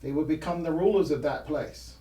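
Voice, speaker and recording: A man's voice: on the high side, fairly quick, dark tone, far from the mic. A man hosting a painting history show from his art studio, talking casually and rambling with restarts and trailing phrases. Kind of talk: casual explanatory talk while painting. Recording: roomy sound from off-mic.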